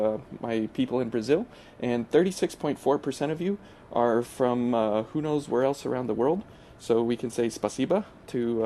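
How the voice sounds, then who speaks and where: Mellow-voiced man with hesitant gaming commentary. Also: medium pitch, a little hiss or hum. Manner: hesitant, full of uh fillers and restarts. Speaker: gaming channel host. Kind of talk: casual gameplay commentary.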